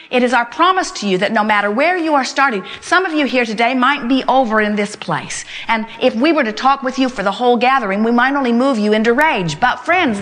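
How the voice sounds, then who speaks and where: A woman with a slightly high voice leads a motivational talk at a live gathering. She speaks emphatically, always as "we". She repeats key phrases and builds her points into long step-by-step chains. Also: fairly bright tone. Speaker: inspirational speaker.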